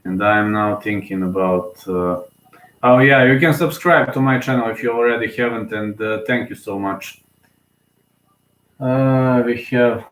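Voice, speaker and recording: A man's voice: lowish voice, fairly even intonation, measured pace, roomy sound. A man giving casual live fight commentary, emotional and hesitant as he thinks aloud. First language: Serbian.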